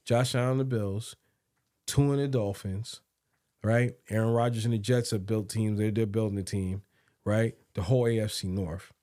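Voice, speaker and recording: A man's voice: fairly low pitch, fairly even intonation, moderate pace, warm tone, no echo, clean studio sound. A man co-hosting a podcast, chatting casually about sports and often repeating words as he thinks aloud. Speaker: podcast co-host.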